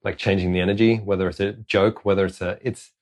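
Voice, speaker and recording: A man's voice: sits low, little pitch movement, fast talker. Frank, swearing man co-hosting a podcast. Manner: loose, frank, swears casually. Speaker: podcast co-host. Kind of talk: casual conversation.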